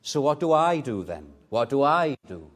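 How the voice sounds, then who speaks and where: A man preaching a sermon in church with fervent emphasis, swinging from soft asides to loud, emphatic peaks. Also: mid-range voice, sing-song, moderate pace. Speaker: pastor.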